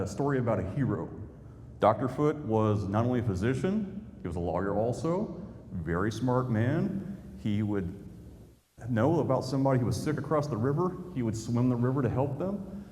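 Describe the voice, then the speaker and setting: A man's voice: medium pitch, a little mellow. Folksy man telling stories. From Indiana, USA. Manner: folksy anecdotal storyteller. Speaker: YouTuber giving a talk. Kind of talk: storytelling public talk. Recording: long hall reverb, faint noise.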